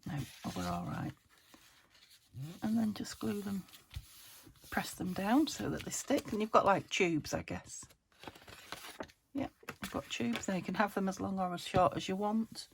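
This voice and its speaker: A woman from the UK hosting a casual craft tutorial, chatty and self-chiding as she thinks aloud while working, her voice still slightly croaky. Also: mid-range voice, normal speed, slight background noise. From United Kingdom. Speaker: crafting channel host.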